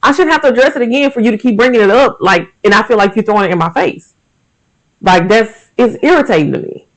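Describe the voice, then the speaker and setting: A man's voice: high voice, fast, poor audio. A man in his thirties hosting a podcast, talking frankly and emphatically in a casual monologue about faith and everyday life. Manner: candid, emphatic, frank and animated. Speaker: podcast host.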